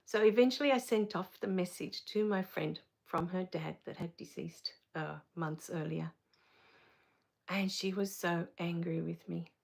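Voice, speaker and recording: A woman hosting a spiritual live Q&A, reading viewer comments, soft-spoken and tender, quick to laugh and tear up. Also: lowish voice, vocal fry. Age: adult with a child. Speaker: spiritual live-stream host.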